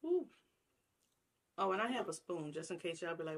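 A woman's voice: on the low side, big pitch swings, normal speed. A woman vlogger chatting casually to her viewers while eating a meal on camera, savoring each bite. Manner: chatty, talks while chewing, savoring food. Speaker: mukbang vlogger.

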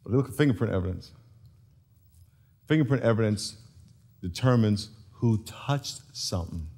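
A man preaching a sermon as pastor, animated and storytelling, chuckling often. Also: fairly low pitch, moderate pace, breathy edge. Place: large church.

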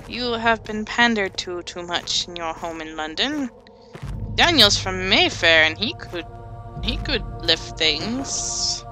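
Over game music, a woman gives casual let's play commentary, chatting, muttering and humming to herself as she explores. Her voice is medium in pitch, expressive and slow.

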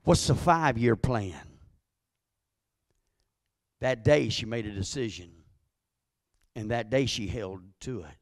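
A man preaching a sermon as pastor, calling out to his congregation and building to loud emphatic peaks. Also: medium pitch, slow, long pauses, no room sound, studio quality.

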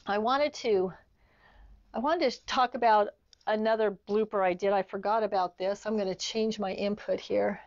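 A woman's voice: mid-range voice, steady tone, normal speed, a little mellow, no room sound, dull audio. A middle-aged woman teaching an online sewing class, chatty, telling stories as she demonstrates. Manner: chatty, storytelling asides. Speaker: sewing instructor.

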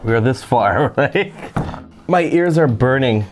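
A man's voice: mid-range voice, expressive, slow pace. A man from Toronto, a comedian in casual joking chat who laughs often and slips into playful patois phrases. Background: music.

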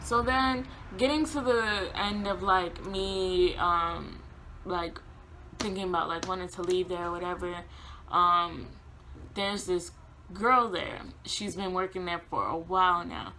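A young woman vlogger telling a casual storytime, animated, laughing often and acting out quotes. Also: fairly low pitch, measured pace, slight background noise.

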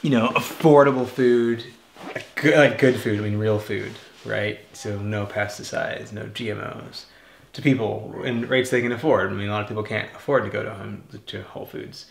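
A man in casual conversation as co-host of a homestead video, talking haltingly with many restarts and trailing off quietly. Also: lowish voice, steady tone, vocal fry. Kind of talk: casual chat. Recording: echoey room.

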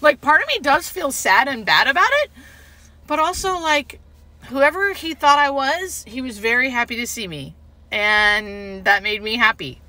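A woman hospice nurse tells a story straight to camera in a casual, chatty way. Her voice sits high and sounds bright, and it swings widely in pitch as she acts out the people in her story. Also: normal speed. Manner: animated, expressive retelling with quoted dialogue.

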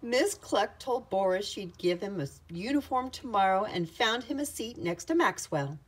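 A woman reading a children's picture book aloud with an expressive storytelling manner. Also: medium pitch, normal speed, slightly rough.

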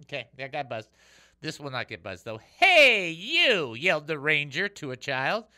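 A man's voice: mid-range voice, a little fast. A man hosting a call-in radio show, joking around and reading Bible verses aloud. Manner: animated and joking, reads scripture aloud. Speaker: radio host.

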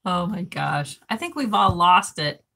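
Bright-voiced woman chatting on a live stream. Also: lowish voice, expressive, a little slow, vocal fry. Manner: giggly, rambling, reads comments aloud. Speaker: livestream host reading chat. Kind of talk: casual live-chat talk.

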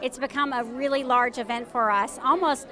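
A woman organizing a downtown shopping event gives an on-the-street interview at night on a busy downtown street, a faint crowd audible behind her. Her high, bright voice is forceful, with fairly even intonation and a moderate pace, and her informative answers are full of ums and fillers.

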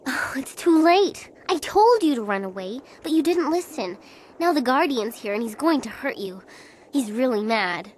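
A woman's voice: high voice, very animated, normal speed, a little hiss or hum. An earnest little girl in a game. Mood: fearful. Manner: earnest, childlike pleading. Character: little girl warning of an angry guardian. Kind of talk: video game voice acting.

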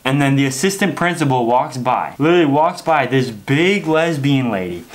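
A young man rants straight to camera in a loose, chatty vlog. He tells stories in an animated way, dropping "like" and "okay?" all the time, and his voice sits at a mid pitch. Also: moderate pace. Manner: animated storytelling, frequent "like" and "okay?". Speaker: wrestling vlogger. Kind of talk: casual vlog rant.

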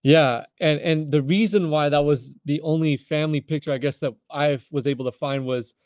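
A man in his thirties from California, telling his life testimony as a guest in an earnest, halting way, often repeating words as he restarts. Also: fairly high pitch, fairly even intonation, a little mellow, no room sound, studio quality. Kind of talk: personal testimony storytelling.

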